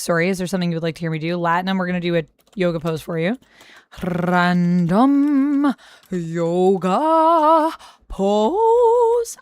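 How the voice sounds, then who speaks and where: A woman's voice: lowish voice, no room sound. A young woman live-streaming, chatting casually and playfully with her viewers and thanking them. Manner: playful, teasing banter with chat.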